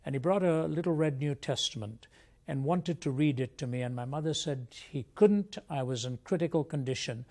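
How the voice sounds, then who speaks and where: A man's voice: on the high side, normal speed, a little mellow. An older man from India, a Christian apologist, telling his life story as an interview guest in an earnest, reflective way.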